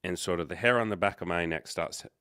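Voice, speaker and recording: Male livestream host, deep register, loose chatty storytelling, dry close sound. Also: fast, bright, forceful tone, smooth, dry recording. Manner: rambling, self-correcting, with quoted dialogue. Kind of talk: casual storytelling.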